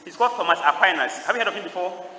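Preaching priest in an echoey church. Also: male voice, sits high, lively intonation, rapid-fire, pushed and bright. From Ghana. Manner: call-and-response preaching, quizzing the congregation. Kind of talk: homily at a youth Mass. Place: large church. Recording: echoey church heard from a distance.

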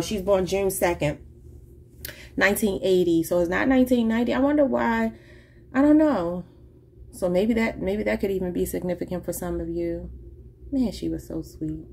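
A woman's voice: mid-range voice, vocal fry, a little mellow, slight background noise. A woman giving a casual tarot reading, rambling and thinking aloud in an informal, chatty way. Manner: informal, says y'all. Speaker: tarot reader.

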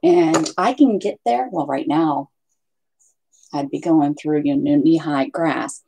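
Chatty woman with a husky voice. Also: low-pitched, slow pace, mellow. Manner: chatty, rambling, talks to pets and viewers. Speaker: craft livestream host. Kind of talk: casual live chat with viewers. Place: at home.

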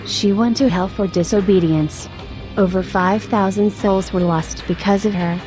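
A woman's voice: mid-range voice, steady tone, normal speed, music in the background. A woman narrating a religious testimony in earnest, exhorting tones.

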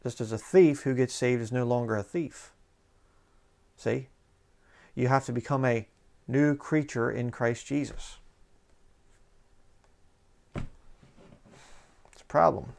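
A man's voice: mid-range voice, slow pace, gravelly, long pauses, a little mellow. A man, a pastor, giving a sarcastic, conversational commentary like a sermon and reading passages aloud.

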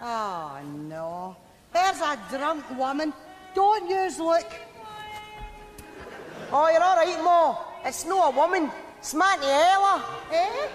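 A woman's voice: extremely high pitch, sing-song, takes it slowly, a faint crowd, heavily acted. A wry Scottish mother. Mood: chatty. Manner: wry and chatty. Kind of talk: live stage comedy. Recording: noisy theatre recording.

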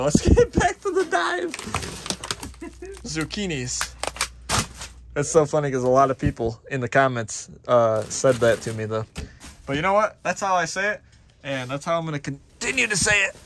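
Man, casual vlog chat, excitable, chatty, outdoors, clear background noise. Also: medium pitch, a little fast. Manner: chatty, excitable, playfully stubborn. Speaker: dumpster diving vlogger. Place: outdoors at a dumpster.

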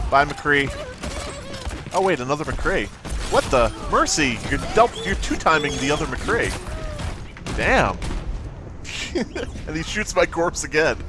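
A man's voice: on the high side, sing-song, takes it slowly, long pauses, over music. A man streaming a video game live, playful and swearing, giggling and humming nonsense to himself as he plays. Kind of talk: live gameplay commentary. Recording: loud game sounds behind voice. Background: video game effects and voice lines.

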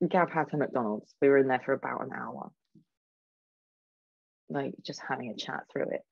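A woman tells a long story in a loose, chatty way, peppering it with fillers and the odd swear word. Her voice is a little husky, and it comes over a dull, lo-fi video call line. The sound is dry and close, with no room around it. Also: very deep voice, animated, moderate pace, pauses often, no room sound. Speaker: guest speaker. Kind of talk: casual storytelling talk.

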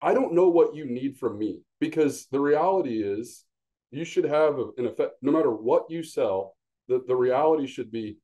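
A man talks sales on a podcast in a blunt, animated way. His voice is warm and mellow, his pitch sits in the middle range, and he acts out little quotes as he tells his stories. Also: normal speed. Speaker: regional sales manager, guest. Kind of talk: casual podcast conversation.

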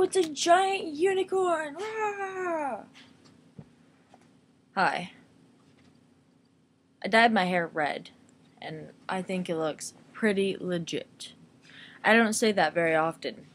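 A woman's voice: lowish voice, slight background noise. A young woman making a casual webcam vlog at home by her computer, playful and silly, coaxing her dog over. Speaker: vlogger.

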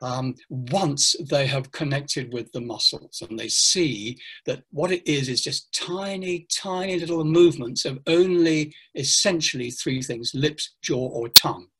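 A man's voice: mid-range voice, measured pace, hardly any pauses, breathy edge. An older man talking playfully about teaching pronunciation as the guest of a video call interview, acting out classroom instructions. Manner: playful, animated, acts out classroom lines. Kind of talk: casual interview talk.

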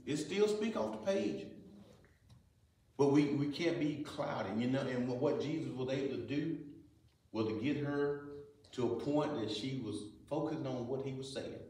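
A man's voice: mid-range voice, lively intonation, a little slow, mellow. A man teaching a Sunday school lesson in folksy preaching style, asking the class rhetorical questions. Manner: folksy preaching, Southern Black church vernacular. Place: church sanctuary. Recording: echoey church hall, mic far off.

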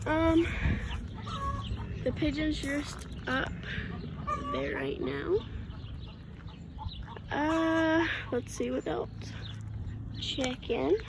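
A woman's voice: high voice, steady tone, drawn-out words, creaky, pauses often. A woman filming a casual farm vlog outdoors on a phone, chatting and talking to her animals while she works. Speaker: farm vlogger. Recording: loud outdoor farm noise. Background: chickens, ducks and farm animal noises.

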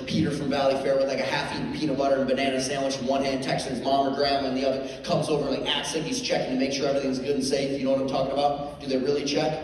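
Middle-aged guy doing a funny onstage story, jokey and animated, roomy hall with faint background hum. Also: medium pitch. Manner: animated, jokey, many "like" fillers, lively voices for quotes. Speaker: motivational speaker. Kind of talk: comedic storytelling talk to an audience. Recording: echoey hall, mic heard from far off, faint ambience.

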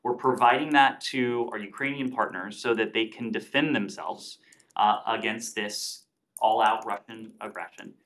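Measured man at a briefing. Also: fairly low pitch, fairly even intonation, fairly bright tone. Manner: measured, deliberate, frequent "uh" fillers. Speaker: government spokesperson. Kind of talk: press briefing answers. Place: briefing room.

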